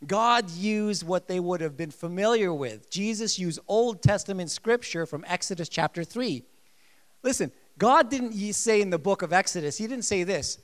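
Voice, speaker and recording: A man preaching a sermon, emphatic and lively, repeating his key phrases. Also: high-pitched, normal speed. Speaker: pastor.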